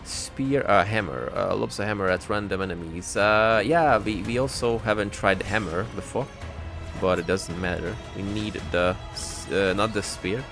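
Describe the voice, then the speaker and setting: Low, gravelly man commenting on gameplay. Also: moderate pace. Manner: joking, reads upgrade text aloud. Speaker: gaming channel host. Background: game music.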